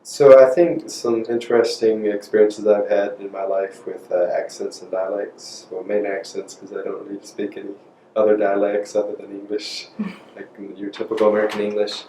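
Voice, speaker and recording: Young guy w/ north carolina accent, low flat voice, rambling, mic far off in a roomy space. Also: moderate pace, slight background noise. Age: young adult. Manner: rambling, self-correcting. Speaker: college student. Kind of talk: casual interview answer.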